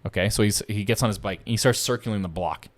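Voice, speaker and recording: A man's voice: fairly low pitch, fast talker. A man casually telling a long story on a podcast, swearing a lot and repeating himself as he goes. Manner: profane, animated, repeats himself.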